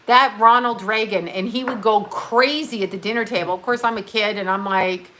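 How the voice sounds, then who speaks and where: This is a woman in her fifties hosting a casual livestream and rambling as she paints her nails. Her talk is blunt and full of swearing, and it drifts from one thing to the next. Her voice sits at an ordinary middle pitch. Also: fairly quick, a bit bright. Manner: blunt, profane, chatty while doing her nails. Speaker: livestream host.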